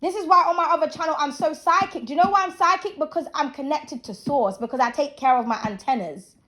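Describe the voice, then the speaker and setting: Blunt high-voiced woman in her thirties. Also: quick pace, a bit bright. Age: 30s. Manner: blunt, profane, preachy. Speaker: channel host. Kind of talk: casual opinion rant to camera.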